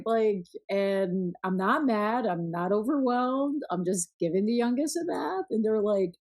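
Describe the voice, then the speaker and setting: A middle-aged woman hosting a podcast, telling relaxed, self-mocking stories in casual chat. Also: mid-range voice, measured pace, hardly any pauses. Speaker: podcast host.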